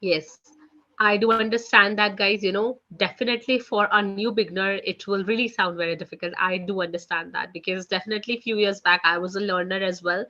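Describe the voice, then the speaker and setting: Bright-voiced woman teaching an online class. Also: medium pitch, fairly even intonation, fairly quick, muffled recording. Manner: chatty, fills with "you know" and "guys". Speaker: French teacher. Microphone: video call.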